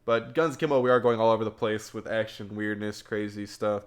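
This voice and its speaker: A young man hosting a casual livestream film review, excitable and rambling, repeating words and filling gaps with ums. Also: on the low side, fairly quick. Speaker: podcast host.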